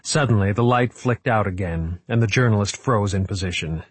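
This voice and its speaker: A man reading a suspense novel aloud in a measured, steady narrating voice. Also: lowish voice, slightly rough, dry recording. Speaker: audiobook narrator. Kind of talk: scripted narration.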